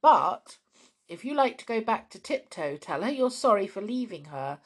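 A woman's voice: medium pitch, big pitch swings, normal speed, breathy edge, pitched above the performer's own voice. A woman voicing a stern but forgiving man in a storybook, firm and lecturing yet kind. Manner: firm, lecturing, then kindly.

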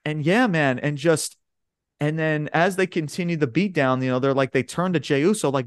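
Male podcast co-host, hyped rambling recapper, swears a lot, slightly high voice. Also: moderate pace, clean tone, dry recording, clean studio sound. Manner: excitable, swears often, says "bro" and "man"; rambling play-by-play retelling. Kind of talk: casual chat.

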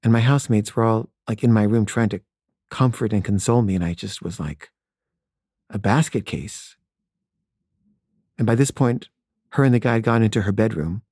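Mellow-voiced man telling a personal story. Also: lowish voice, normal speed, long pauses, husky, no echo, clean studio sound. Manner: candid, wry and conversational.

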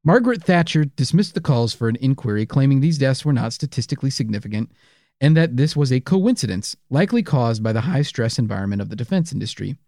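A man's voice: mid-range voice, very animated, fast, mellow, no echo, studio quality. A man co-hosting a true-crime podcast, narrating casually with playful jokes. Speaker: podcast co-host.

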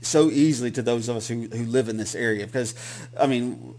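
A man's voice: medium pitch, fairly quick, a little mellow. A man with a Southern accent, co-hosting a podcast in casual, rambling chat with many restarts. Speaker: podcast co-host.

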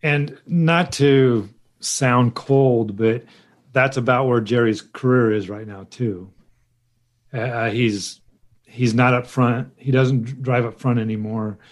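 A man's voice: medium pitch, fairly even intonation, slow. A man co-hosting a casual podcast chat, talking hesitantly with many restarts and fillers. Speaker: podcast co-host.

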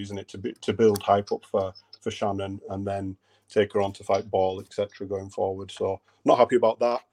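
Hesitant low-voiced man in his thirties. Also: creaky, a little mellow. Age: 30s. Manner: hesitant, many ums and restarts. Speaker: podcast co-host. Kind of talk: casual chat.

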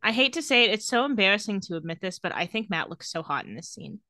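Woman co-host, casual TV recap, bright tone, quick to laugh. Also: medium pitch, big pitch swings, dry recording, clean studio sound. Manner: laughs often, retells scenes with quoted lines. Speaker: podcast co-host recapping a TV episode. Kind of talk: casual chat.

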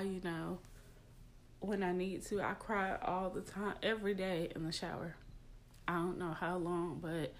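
A woman's voice: fairly low pitch, a little hiss or hum. A young adult woman hosting a personal podcast, talking in a confiding, emotional way with many fillers. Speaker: podcast host. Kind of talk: casual personal podcast talk.

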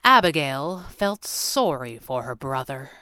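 Expressive woman reading a story. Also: a bass voice, a little slow, no room sound, studio quality. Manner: expressive, voices each character. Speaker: narrator. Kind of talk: audiobook narration.

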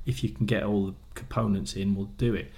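A man, a former footballer, chatting casually and telling animated stories, often laughing as he acts out what people said. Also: fairly low pitch, a little fast, creaky. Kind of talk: casual chat.

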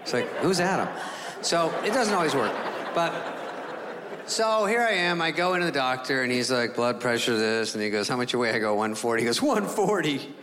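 A man doing stand-up comedy, animated, jumping into other voices and sound effects. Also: medium pitch, a little fast. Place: comedy stage before an audience. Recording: live in a hall with crowd laughter.

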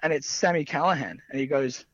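A man's voice: on the high side, fairly quick, fairly bright tone, no echo. Rambling young man, dull dry sound. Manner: rambling, laughs often, many fillers. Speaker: wrestler guest. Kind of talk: casual anecdotal storytelling.

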